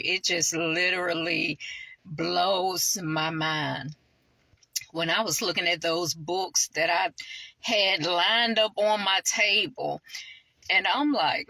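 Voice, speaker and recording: A woman's voice: fairly low pitch, bright, forceful tone, no room sound. A woman hosting a faith ministry, giving heartfelt, conversational devotional teaching and reading aloud from her own book, with frequent "you know"s. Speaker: ministry host and preacher.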